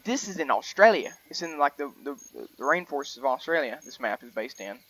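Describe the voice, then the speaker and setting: A man's voice: medium pitch, expressive, brisk, fairly bright tone, breathy edge, no room sound, low-quality recording. A young man, rambling and chatty as he gives casual commentary on a hunting game, often correcting himself mid-sentence. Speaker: gaming video host.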